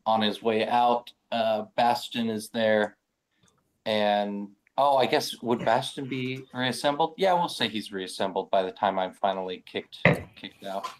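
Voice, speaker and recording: A man's voice: on the low side, unhurried. A man playing in a tabletop game, describing his character's ending hesitantly, with many fillers. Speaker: player.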